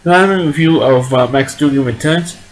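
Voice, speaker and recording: A man's voice: fairly high pitch, a little fast, poor audio. A man giving a casual spoken movie review, rambling along and often repeating and restarting his words.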